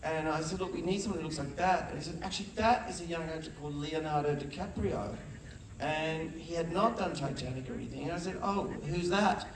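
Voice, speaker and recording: Aussie guy telling stories onstage, acts out the quotes, a bit high voiced, roomy hall sound from far off. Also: quick pace, noisy background. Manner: animated storyteller, acts out quotes. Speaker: film director, guest. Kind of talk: onstage festival conversation. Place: large festival hall with audience. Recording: echoey hall, mic heard from afar.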